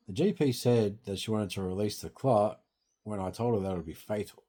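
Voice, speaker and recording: A man's voice: lowish voice, a little fast, mellow. A young Australian man in distress, grieving and venting in a rambling, sweary monologue into his phone.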